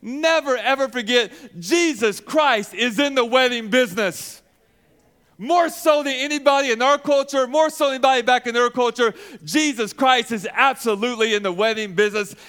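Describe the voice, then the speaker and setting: Brief: man, pastor mid-sermon, high and clear voice, emphatic and repetitive. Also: moderate pace, a bit bright. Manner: asks questions and answers them himself, emphatic repetition.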